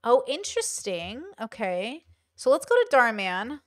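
A woman talks slowly through a casual reaction session, reading figures aloud and exclaiming over them. Her voice sits a bit high, and her pace stays relaxed. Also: slight background noise. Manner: chatty, reads stats aloud with exclamations. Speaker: host reacting to videos.

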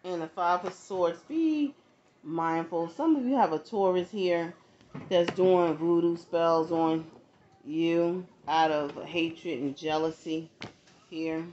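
A woman's voice: on the low side, slow pace, darkish tone. Woman, tarot reader, casual direct-to-viewer talk, frequent asides, lo-fi recording, faint background hiss. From not from the American South. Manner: conversational, frequent asides and check-ins to viewers. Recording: dull lo-fi audio, faint background noise.

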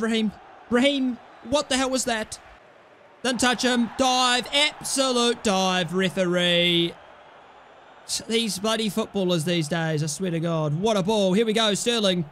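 A young man commentates on a football video game, shouting at his players and yelling in mock outrage. His voice sits very high and sounds bright and forceful, with a faint hiss of noise behind it. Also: measured pace. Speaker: gaming commentator.

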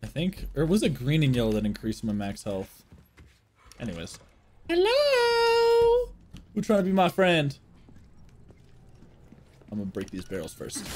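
Excitable young man streaming a game. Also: medium pitch, slight background noise. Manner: excitable, jokey, swears a lot, talks to chat. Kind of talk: live gameplay commentary.

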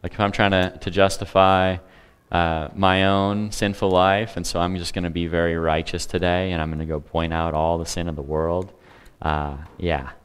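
A man's voice: low-pitched, flat delivery, normal speed, few pauses, clear, resonant tone. A man preaching a sermon in a conversational way, with humor and asides to the congregation. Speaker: pastor.

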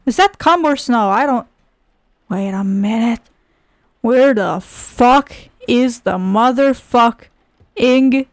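High-voiced, foul-mouthed woman gamer. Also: slow, no room sound. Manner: foul-mouthed, mock-angry, sarcastic; reads a storybook aloud in a sing-song voice. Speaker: gameplay streamer. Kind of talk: profane gameplay commentary.

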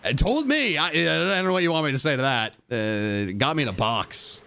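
A man's voice: medium pitch, expressive, fairly quick, gravelly, pushed and bright, clear, resonant tone. A young man livestreaming a game, switching between a hyped, goofy streamer voice and glum, self-mocking mutters to his chat. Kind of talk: casual livestream commentary.

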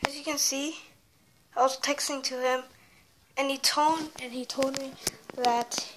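A woman's voice: high-pitched, steady tone, unhurried. A teenage girl vlogging a prank on a handheld device, rambling and restarting her sentences. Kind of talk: casual prank vlog. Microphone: phone or tablet held in hand. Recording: echoey room with background noise.

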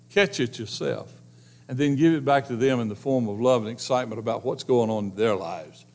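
Pastor guy preaching, folksy, goes loud then real soft. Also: medium pitch. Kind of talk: sermon.

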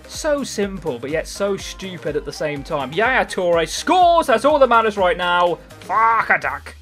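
A young man giving excitable live gameplay commentary, swearing freely and swinging between low mutters and loud outbursts. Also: moderate pace, hardly any pauses, faint music behind. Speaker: gaming YouTuber.

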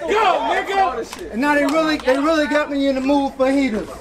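A man from South Carolina performing in a rap battle, boastful and aggressive, breaking into shouts and hype ad-libs. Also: very high voice, fast talker. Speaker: battle rapper. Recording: noisy live event with crowd ambience.

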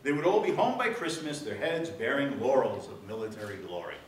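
A man giving a public lecture, telling jokes in an animated storytelling way before the serious talk. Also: mid-range voice, brisk. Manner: animated storyteller, voices the joke characters. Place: lecture hall with audience. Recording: echoey hall, distant mic, room noise.

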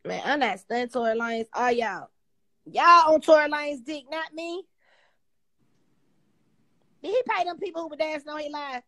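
A woman's voice: sits high, normal speed, pauses often. A young woman hosting a casual livestream chat, talking bluntly and profanely as she rants at her critics. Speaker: livestream host.

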